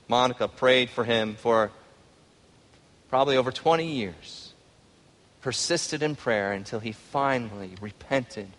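A male pastor preaching a sermon, swinging from hushed reflection to loud, pleading cries. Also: mid-range voice. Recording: long hall reverb.

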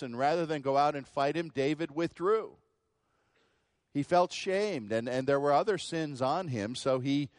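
A man preaching a sermon, acting out quoted lines in loud bursts and dropping to hushed asides. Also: no room sound, studio quality. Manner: dramatic, swings between loud quoted outbursts and low hushed asides.

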